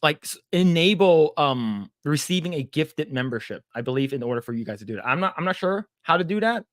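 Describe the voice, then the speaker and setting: A man's voice: on the high side, expressive, fairly quick, no room sound, clean studio sound. A man co-hosting a casual livestream, stammering and repeating words as he reads the chat aloud. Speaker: podcast co-host.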